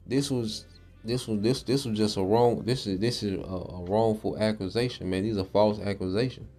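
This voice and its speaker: Low-pitched male preacher, street-casual delivery of scripture with faint music behind. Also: a little mellow. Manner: slangy, conversational, frequent check-ins. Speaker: Bible teacher. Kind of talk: casual sermon with scripture reading.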